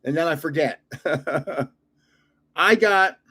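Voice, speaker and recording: An older man with a voice pitched a touch high for a man talks through a pack opening. He rambles, guesses at names and chuckles at himself. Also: extremely slow, sharp tone, breathy edge. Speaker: card-collecting channel host. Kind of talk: casual pack-opening chat.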